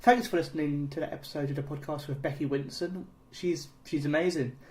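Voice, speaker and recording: A male podcast host with a fairly high voice for a man closes out an episode. He sounds friendly and upbeat, talking casually to his listeners. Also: steady tone, brisk, darkish tone.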